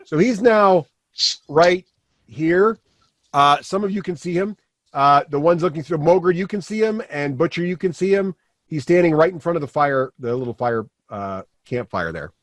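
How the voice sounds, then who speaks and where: A man's voice: fairly high pitch, expressive, moderate pace, no room sound. A man running a live tabletop game as game master. He explains the rules and positions patiently and calls on each player by name.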